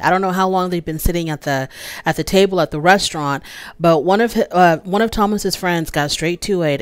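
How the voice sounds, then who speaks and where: An American woman with a low voice talks through a reality episode in a chatty solo recap. She retells scenes and slips into quoted lines. The sound is dry and close. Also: dry recording. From United States.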